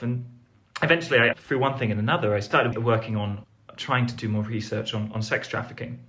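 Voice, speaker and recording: A man's voice: mid-range voice, brisk, a bit bright. A young man telling a rambling, self-deprecating story as a podcast guest, full of fillers and restarts. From England. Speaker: podcast guest, foreign correspondent. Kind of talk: casual storytelling interview.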